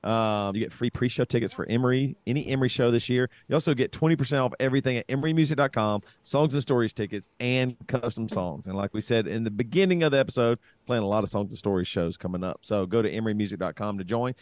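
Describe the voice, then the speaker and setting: A man's voice: mid-range voice, quick pace, few pauses, darkish tone, no room sound. A man hosting a podcast in loose, casual banter, laughing often. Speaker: podcast host.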